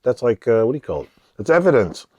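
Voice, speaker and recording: Mid-range and sing-song, his voice is dark and slightly rough, and he talks fast with no echo. This middle-aged channel host chats and jokes with his daughter in his garage workshop at home, laid-back and laughing a lot.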